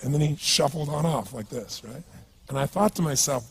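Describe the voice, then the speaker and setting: A man's voice: fairly high pitch, normal speed, vocal fry, slightly rough. A man speaking as a motivational speaker at a live seminar, emphatic and punchy, often asking the audience questions.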